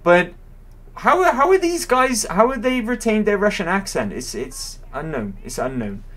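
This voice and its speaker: A man's voice: high-pitched, big pitch swings, moderate pace, fairly bright tone. A man commentating his game live, musing aloud in a rambling, curious way. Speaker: game streamer. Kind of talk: livestream gameplay commentary.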